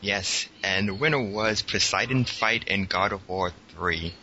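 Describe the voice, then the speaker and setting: Bright-voiced man hosting a podcast. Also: low-pitched, a little slow, a little hiss or hum. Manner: laughs often, loose and joking. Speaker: podcast host. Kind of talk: casual podcast chat. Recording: dull lo-fi sound, faint music.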